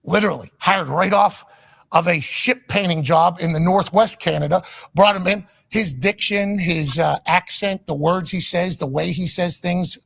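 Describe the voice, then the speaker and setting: A man's voice: high voice, normal speed, gravelly, a bit bright. A man from Pittsburgh giving a blunt, profane, rambling on-air monologue. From Pittsburgh, Pennsylvania, USA.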